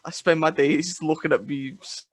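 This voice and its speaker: Young man, podcast co-host, dry jokes, slightly high voice, close dry mic. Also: steady tone, measured pace, dry recording. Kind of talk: casual chat.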